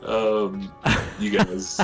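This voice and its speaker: A man's voice: fairly low pitch, big pitch swings, extremely slow, vocal fry, soft background music. A man narrating as dungeon master, rambling with many fillers and restarts. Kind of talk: narrating a tabletop game.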